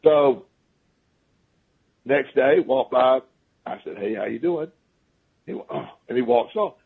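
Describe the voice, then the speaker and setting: A man's voice: medium pitch, expressive, measured pace, vocal fry, breathy edge. A man guest on a talk radio show, telling stories in a rambling, casual way with many restarts. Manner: rambling, restarts often, chuckles at his own stories. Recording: phone-line radio call.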